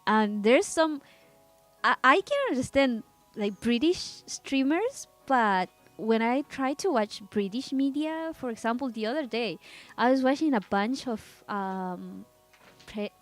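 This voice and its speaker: A woman whose first language is Spanish, talking with viewers as she draws on a live stream. Her voice sits high and she takes her time, wandering from thought to thought with easy giggles. Soft music plays faintly in the background. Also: animated, a little slow. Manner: rambling, chatty, giggly, restarts words. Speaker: artist streaming a drawing session. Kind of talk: casual live-stream chat.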